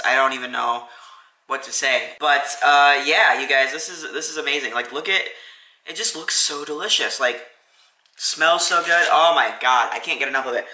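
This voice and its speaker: Guy doing a food review vlog, super bright sharp voice, roomy restaurant echo, chatty. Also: fairly high pitch. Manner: chatty, enthusiastic, lots of fillers. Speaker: food vlogger. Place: restaurant, indoors. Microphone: phone camera, no tripod.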